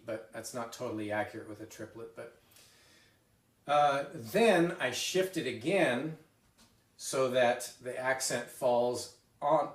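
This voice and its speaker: A man teaching a drum lesson, explaining a rudiment exercise in a relaxed way with fillers and restarts, recorded from a distance. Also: medium pitch. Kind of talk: spoken music lesson with demonstrations. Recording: roomy, mic set back. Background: drums and metronome.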